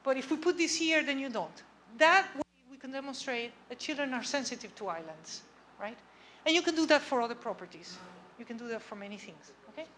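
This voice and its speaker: A woman's voice: high-pitched, expressive, brisk, hardly any pauses, fairly bright tone, a little hiss or hum. A woman giving an academic lecture in a conversational way, often checking in with her audience. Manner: conversational, checks understanding with frequent "okay?" and "right?". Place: lecture room.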